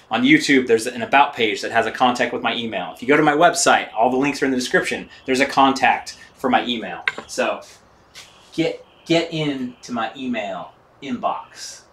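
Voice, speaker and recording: A man's voice: mid-range voice, a little fast, fairly bright tone, a little hiss or hum. Laid-back man chatting on a bike live stream. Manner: rambling, laid-back, swears casually, reads chat aloud. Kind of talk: casual live-stream chat while working on a bike.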